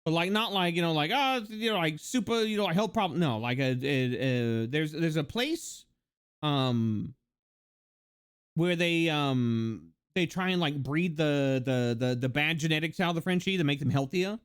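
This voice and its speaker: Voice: medium pitch, normal speed, smooth. A livestreamer in casual chat, rambling and joking with many fillers and laughs.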